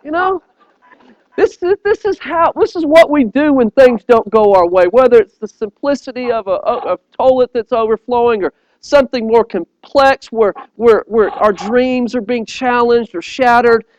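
A man's voice: extremely high pitch, normal speed, dull audio. A man preaching a sermon, telling stories with animation and often repeating words as he appeals directly to his listeners.

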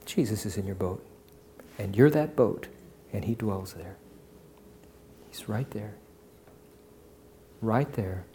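A man preaching a sermon, swinging from loud impassioned declarations to hushed, almost whispered appeals. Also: lowish voice, slight background noise. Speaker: pastor.

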